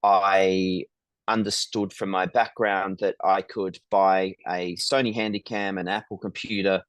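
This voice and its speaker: A man's voice: on the low side, no room sound. A middle-aged man, a business founder, telling his story as an interview guest in a reflective way, with frequent ums and restarts.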